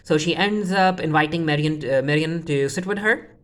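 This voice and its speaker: A woman's voice: low-pitched, moderate pace. A woman casually recapping a TV episode as a reviewer, rambling with frequent restarts and offhand asides. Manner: rambling, full of restarts and quoting characters offhandedly. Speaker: TV show reviewer.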